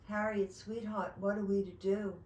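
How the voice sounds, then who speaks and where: A woman voicing a patient mother of a pesky little girl, scolding in a gentle, sing-song way. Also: medium pitch, flat delivery, normal speed, echoey room, recorded from a distance, close to an everyday voice. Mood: exasperated.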